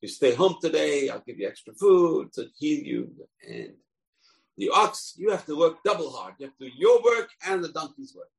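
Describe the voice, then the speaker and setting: A man's voice: a little high, sing-song, normal speed, creaky, pitched above the performer's own voice, poor audio. A man voicing a farmer who can understand his animals. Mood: coaxing. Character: farmer master, amused and gloating.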